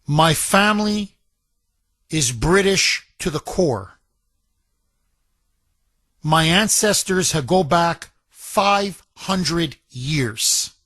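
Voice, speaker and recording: A man hosting a talk radio show, reading a listener's letter aloud with slow, emphatic delivery and repeated lines for weight. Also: on the high side, lively intonation, a bit bright, no echo.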